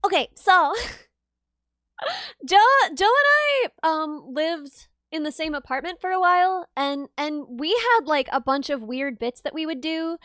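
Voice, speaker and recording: A woman's voice: high-pitched, animated, takes it slowly, bright, forceful tone, no echo, studio quality. A woman hosting her own live stream, chatty and teasing, greeting viewers between stories. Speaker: streamer host. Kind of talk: casual stream chat.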